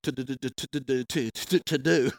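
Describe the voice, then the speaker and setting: A middle-aged man, preaching a folksy sermon and reading scripture, rising loud on quoted words. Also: mid-range voice, steady tone, fairly quick, dry recording.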